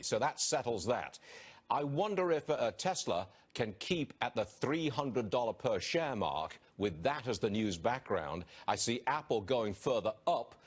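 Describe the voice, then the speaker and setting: A man's voice: on the low side, breathy edge. A man hosting a business show, giving opinionated live market commentary from a TV studio. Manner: opinionated, animated delivery.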